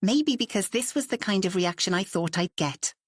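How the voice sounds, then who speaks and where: A woman's voice: medium pitch, animated, moderate pace, no room sound, studio quality, lightly acted. A woman reading the part of a nervous, defensive woman artist who answers hesitantly or sharply.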